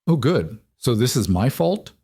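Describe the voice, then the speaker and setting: A man's voice: mid-range voice, very animated, a little slow, warm tone, slightly rough, dry recording, clean studio sound, exaggerated voice. A man voicing an exasperated adult woman who fires pointed, incredulous questions at her husband in an audiobook. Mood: sarcastic. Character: sharp-tongued wife, adult woman, exasperated.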